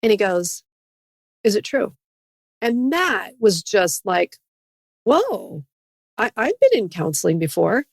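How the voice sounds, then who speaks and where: A woman's voice: mid-range voice, sing-song, slow pace, vocal fry, pauses often, slightly rough, no echo, clean studio sound. A middle-aged woman sharing her personal story as a podcast guest, speaking earnestly about healing and faith. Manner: earnest, faith-based testimony.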